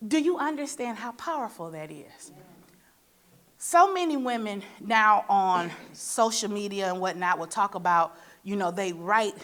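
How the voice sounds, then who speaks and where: Moderating a panel, this Michigan woman gives a motivational forum speech in an animated, unhurried, medium-pitched voice with a fairly bright tone. Her style recalls a preacher, full of rhetorical questions and playful little story asides.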